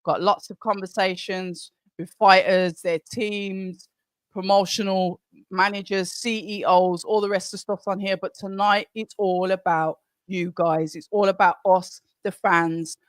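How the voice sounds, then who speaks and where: Calling a boxing match round by round on a live watch-along, a high-pitched man speaks in a clean tone over a dry, clean studio recording. He's excitable and rattles off punches fast, then chats with his viewers between rounds in this mix of fight commentary and conversation.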